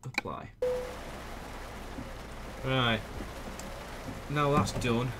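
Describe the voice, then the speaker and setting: A young British man gives chatty, excitable commentary on a trucking game, talking to himself as he drives. His voice sits at an ordinary middle pitch. Heavy rain and engine sounds from the game run loudly underneath him. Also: very slow, background noise. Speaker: gaming video host. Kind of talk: casual gameplay commentary. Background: truck game sounds, rain, reversing beeps.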